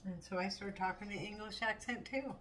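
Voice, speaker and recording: A woman's voice: medium pitch, fairly quick. A woman chatting casually while cooking at home in her kitchen, chatty and self-mocking, laughing often. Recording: distant mic with steady background noise.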